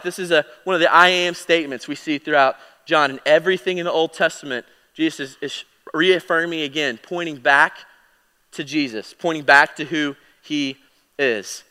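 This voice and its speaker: A man delivers a Bible teaching with a bright, smooth, resonant voice, slightly higher than most men. He talks casually, correcting himself as he goes, then grows emphatic on key points. The sound carries a long hall-like reverb. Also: unhurried. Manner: conversational, with fillers and self-corrections; emphatic, swinging louder and quieter. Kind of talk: sermon teaching.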